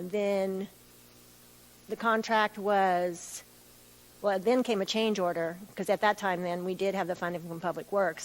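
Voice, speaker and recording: A woman giving witness testimony at a formal hearing, answering in measured detail with some restarts. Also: lowish voice, low-quality recording. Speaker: utility staff witness. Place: hearing room.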